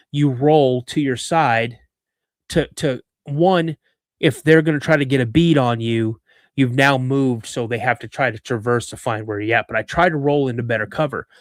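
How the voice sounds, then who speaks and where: A man hosting a podcast, telling a story in an animated way with frequent restarts and asides. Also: mid-range voice, dry recording, studio quality. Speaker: podcast host.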